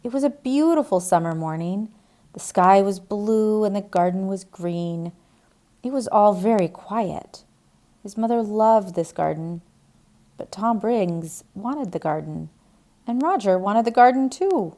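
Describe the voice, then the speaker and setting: A woman reading a graded-reader story aloud slowly, clearly and deliberately. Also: mid-range voice, animated, dark tone. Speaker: narrator. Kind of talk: graded-reader audiobook narration.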